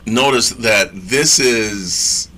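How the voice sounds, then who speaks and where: Bright-voiced man teaching scripture. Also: lowish voice, very slow. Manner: reads scripture aloud and comments with slangy asides; emphatic, repeats phrases for effect. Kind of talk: casual sermon teaching.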